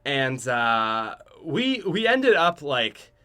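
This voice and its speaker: Lively, bright-voiced young male podcaster. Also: mid-range voice, drawn-out words, clear, resonant tone. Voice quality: chatty, joking, self-mocking. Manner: restarts and trails off often, swings loud and soft. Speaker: podcast host. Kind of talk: casual rambling story.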